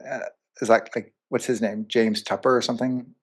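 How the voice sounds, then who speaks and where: A man's voice: mid-range voice, brisk, slightly rough. A man co-hosting a movie review podcast, talking casually with lots of fillers and asides. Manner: rambling, animated, lots of fillers. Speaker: podcast co-host.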